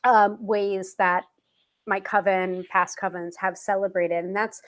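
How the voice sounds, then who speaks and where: A woman's voice: medium pitch, flat delivery, unhurried. A woman hosting a live tarot stream, talking casually with many fillers and restarts.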